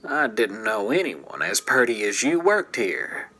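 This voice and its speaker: A man voicing a leering middle-aged cowboy who talks in a slow, sleazy southern drawl. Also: lowish voice, very animated, creaky, bright, forceful tone, breathy edge, heavily acted.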